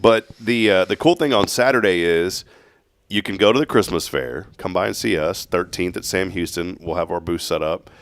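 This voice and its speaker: A man's voice: deep voice, normal speed, no room sound. A man hosting a local morning show, upbeat and joking, laughing often. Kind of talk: casual chat.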